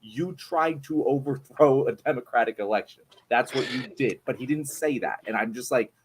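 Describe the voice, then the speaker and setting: A man's voice: medium pitch, normal speed, a little hiss or hum. A man co-hosting a livestream, talking politics bluntly and casually, with some swearing. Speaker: livestream co-host. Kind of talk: casual political debate chat.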